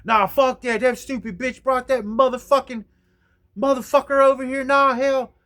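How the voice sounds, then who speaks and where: A man voicing a furious young friend who is bent on shooting someone, shouting and cursing in a raised, higher voice. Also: level tone, moderate pace.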